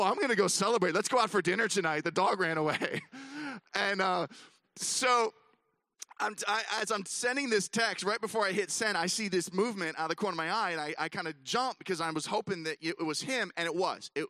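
A man speaking at a ministry gathering, telling a funny story in an animated way with lots of fillers and restarts. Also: on the high side, no echo. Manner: self-mocking humor. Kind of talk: storytelling talk to an audience.

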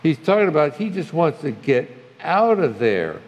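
A man's voice: on the high side, sing-song, moderate pace, a little mellow, muffled recording. An older man preaching a conversational sermon as a pastor, reading scripture with feeling. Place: church sanctuary. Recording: long hall reverb.

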